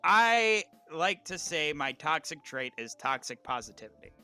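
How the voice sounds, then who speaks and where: A man's voice: on the high side, a little slow, clean tone, soft background music. A man co-hosting a casual podcast, giving an emphatic, profane pep talk. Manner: emphatic, swears freely, animated pep talk. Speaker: podcast co-host.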